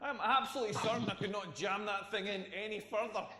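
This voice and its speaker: A man's voice: high-pitched, steady tone, quick pace, sharp tone, a little hiss or hum. A Scottish man in his forties doing a rambling, self-mocking stand-up routine on a stage. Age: 40s. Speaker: stand-up comedian. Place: stage in a large hall. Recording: echoey hall from a distance.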